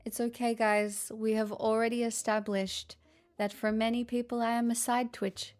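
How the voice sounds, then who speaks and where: A woman's voice: a little high, level tone, normal speed, darkish tone, faint music behind. Sarcastic Australian woman chatting live. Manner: sarcastic, chatty, self-deprecating. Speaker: livestream host. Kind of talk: casual chat with viewers.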